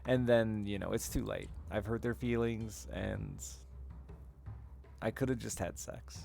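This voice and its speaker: A man's voice: on the low side, fairly even intonation, unhurried, gravelly, a little mellow, faint music behind. A man streaming and chatting with viewers, telling candid, rambling personal stories with frequent laughs. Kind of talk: casual chat with stream chat.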